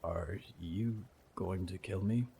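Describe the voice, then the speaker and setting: A man voicing a lonely, unseen young man who talks softly, almost in a whisper. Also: low-pitched, takes it slowly, vocal fry, slight background noise, exaggerated voice. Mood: hushed. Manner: soft, hushed, near whisper. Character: lonely, invisible young man, timid and quiet.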